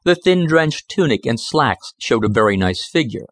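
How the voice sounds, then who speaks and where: A man narrating an audiobook in a measured, expressive storytelling style on a close studio mic. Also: medium pitch, no echo. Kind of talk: scripted narration.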